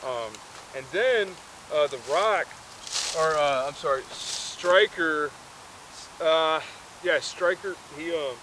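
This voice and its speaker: A man rambles through a movie plot, full of fillers and restarts. He talks slowly in a slightly higher voice. Clear outdoor noise fills the background. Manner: rambling, filler-heavy, self-correcting. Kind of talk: casual retelling of a movie.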